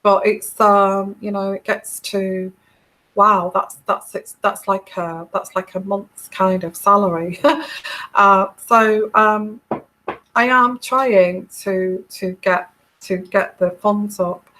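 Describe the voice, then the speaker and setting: A woman tarot reader chatting casually to her viewers, halting and searching for words. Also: medium pitch, steady tone, pushed and bright, poor audio. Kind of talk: casual vlog chat to viewers.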